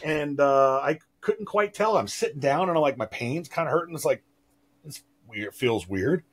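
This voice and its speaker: Husky man with a mock-formal ramble. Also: a little high, animated, normal speed. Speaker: podcast co-host. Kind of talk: casual chat.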